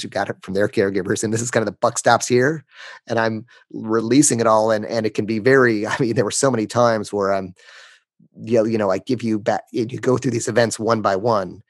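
A man speaking as a podcast guest, telling a candid story in a halting way, often restarting sentences and emotional at times. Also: on the low side, no room sound.

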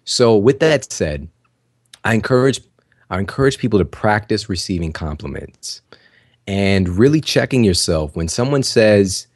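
Deep-voiced man hosting a casual podcast. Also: lively intonation, measured pace, dry recording, clean studio sound. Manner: conversational, full of "you know" and "like" fillers; encouraging, addresses listeners directly. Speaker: podcast host. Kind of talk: casual motivational talk.

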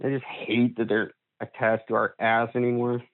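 A man's voice: medium pitch, level tone, normal speed, no echo, narrow, tinny audio. A man co-hosting a podcast, talking in a blunt, sweary, sardonic way in casual chat. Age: older. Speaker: podcast co-host.

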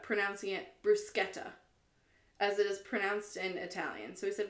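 A woman's voice: mid-range voice, normal speed, roomy sound. A woman co-hosting a podcast, chatting casually and reading forum posts aloud, laughing often as she reads. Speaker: podcast co-host.

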